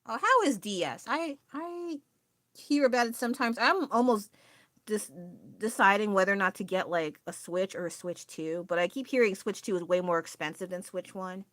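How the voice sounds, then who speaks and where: A woman's voice: mid-range voice, animated, fairly quick, fairly bright tone, dry recording, studio quality. A woman chatting casually on a drawing livestream, rambling and restarting her sentences and laughing often. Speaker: art streamer.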